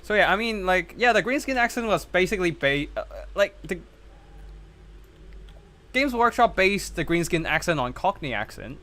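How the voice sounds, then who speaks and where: A man's voice: high-pitched, big pitch swings, moderate pace, pauses often, pushed and bright. A man with a slightly raised voice casts a strategy game tournament live. He talks loosely and conversationally, breaking off his play-by-play to answer viewer chat. The sound comes across as a streamer speaking into a desk mic.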